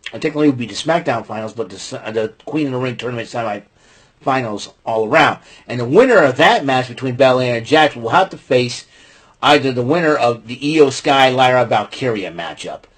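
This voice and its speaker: A man with a husky, slightly rough voice at an ordinary middle pitch talks in a loose, rambling way. He gets excited and jumps up into loud mock quotes, then drops back into chatty recap. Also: brisk. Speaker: podcast host recapping wrestling. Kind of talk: casual chat.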